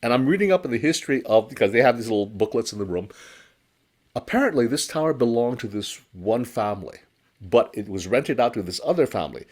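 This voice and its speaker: A man telling a personal ghost story in casual conversation, animated and laughing as he acts out his own reactions. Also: medium pitch, fast talker. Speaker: storyteller guest.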